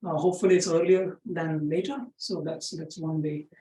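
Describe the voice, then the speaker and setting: A man's voice: fairly high pitch, fairly even intonation, normal speed, mellow. A man from South Asia coaches a workout class, counting off reps and praising the effort between sets. He talks in a chatty way and keeps checking in with "right?" and "okay?". His voice carries a roomy echo and sounds set back from the microphone. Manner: counts reps aloud, encouraging, chatty with many "right?" tags. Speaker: fitness instructor. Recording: roomy echo, far from the mic.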